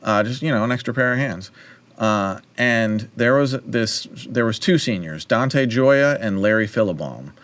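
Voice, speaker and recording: A man's voice: mid-range voice, normal speed, dry recording. A man in his fifties hosting a livestream, telling a casual studio story and acting out the voices of people he quotes. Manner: animated, acts out quoted voices. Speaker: livestream host.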